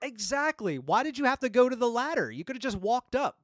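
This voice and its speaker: A man's voice: very high voice, very animated, brisk, a bit bright, dry recording, clean studio sound. A man hosting a film review podcast, retelling scenes in casual chat with frequent laughs and casual swearing. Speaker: podcast host reviewing films.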